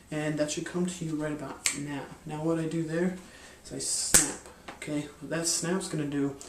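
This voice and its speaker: A man's voice: fairly high pitch, a little mellow, reverberant, distant mic, slight background noise. A man explaining a mind-reading card technique in a loose, rambling way, with lots of fillers and restarts. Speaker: magic and hypnosis instructor. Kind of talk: casual instructional explanation.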